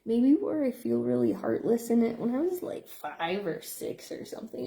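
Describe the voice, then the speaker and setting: Her voice is gravelly, dark, and very animated at normal speed. A middle-aged psychotherapist and behavior analyst, she rambles in a stream-of-consciousness monologue packed with fillers and playful squeaks.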